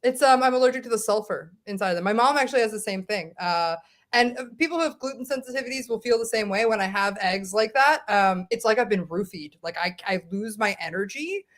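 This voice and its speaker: A woman in her thirties from New York City, with a softened Queens accent, chatting casually as a guest on a video call and laughing often. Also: mid-range voice, expressive, fast talker. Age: 30s. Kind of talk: casual chat.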